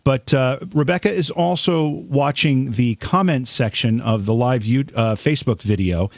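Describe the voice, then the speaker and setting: Male call-in host, easygoing, mid-pitched, dry studio sound. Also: moderate pace, dry recording. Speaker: show host. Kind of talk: call-in show hosting.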